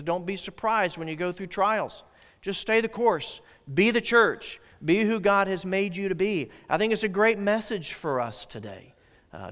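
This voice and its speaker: Preaching pastor with a booming hall echo. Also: male voice, fairly bright tone. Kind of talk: sermon. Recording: long hall reverb.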